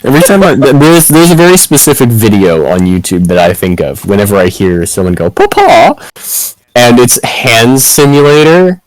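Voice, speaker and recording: A man's voice: medium pitch, big pitch swings, a little fast, few pauses, no room sound, low-quality recording. A man chatting casually between tabletop game turns, rambling and restarting his sentences. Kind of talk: casual chat.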